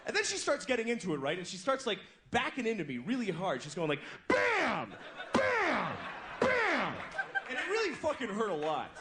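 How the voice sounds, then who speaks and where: Talking fast with few pauses, an American man in his twenties uses a high voice with huge pitch swings during a crude stand-up comedy set. He tells conversational stories to a comedy club audience, acting out voices, and the live recording is noisy.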